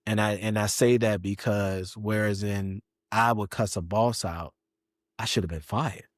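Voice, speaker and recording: Low-voiced man, animated storyteller. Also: measured pace, dry recording, studio quality. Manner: animated, acts out other people's voices with big pitch jumps. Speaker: podcast guest. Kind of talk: candid personal storytelling.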